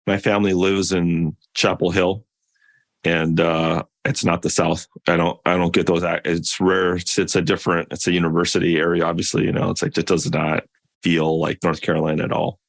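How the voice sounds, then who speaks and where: Low-voiced man cracking teasing jokes. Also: level tone, moderate pace, vocal fry, dry recording. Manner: teasing interjections. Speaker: podcast co-host. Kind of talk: casual chat.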